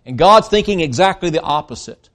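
Man preaching a sermon, emphatic, rises and falls in volume, slightly high-pitched. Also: expressive, brisk, fairly bright tone. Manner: emphatic, rising and dropping in volume, with restarts.

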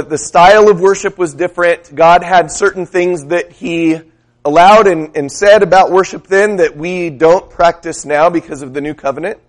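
A man preaching a sermon, telling a story in a relaxed, conversational way and putting questions to the congregation. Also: sits high.

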